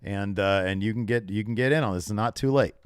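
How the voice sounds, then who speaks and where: A man's voice: lowish voice, quick pace, clear, resonant tone, no echo. A man co-hosting a wrestling podcast, joking and enthusiastic in casual chat. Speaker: podcast co-host.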